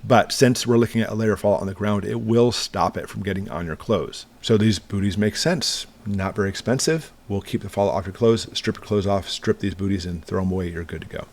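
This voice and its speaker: A man's voice: lowish voice, a little fast, hardly any pauses. A middle-aged man hosting a prepping channel, walking through gear in a casual, plain-spoken, reassuring way. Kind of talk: casual product walkthrough.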